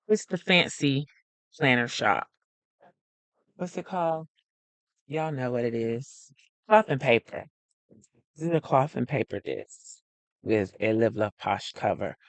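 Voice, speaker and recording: A woman chats her way through a live craft stream, speaking slowly and unhurriedly. She greets viewers by name and thinks aloud as she works. The sound is dry and close, with no room echo. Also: very deep voice. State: a little out of breath. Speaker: planner vlogger hosting a live stream. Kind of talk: casual live-stream chat.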